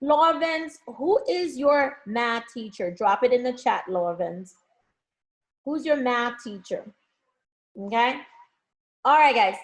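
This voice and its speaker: A woman's voice: fairly high pitch, lively intonation, slow pace, long pauses. A woman teaching math in a live online review session, coaxing students with pet names and frequent check-ins. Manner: frequent check-ins like okay and all right.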